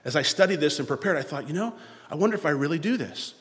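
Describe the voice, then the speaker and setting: A man's voice: fairly high pitch, expressive, quick pace. Male pastor preaching in a reverberant hall. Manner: dynamic preaching, swings from loud to hushed. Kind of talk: sermon.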